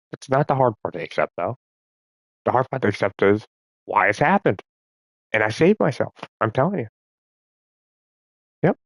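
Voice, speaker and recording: A man's voice: on the low side, big pitch swings, normal speed, long pauses, dry recording. A man vlogging in a rambling, profane monologue, as if talking to himself.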